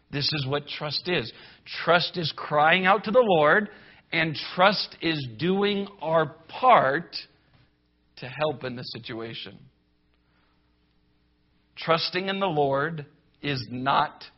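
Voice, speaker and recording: A man preaching a sermon in an emphatic, building style. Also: fairly high pitch. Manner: emphatic preaching, rising to loud mock quotes. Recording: dull lo-fi sound.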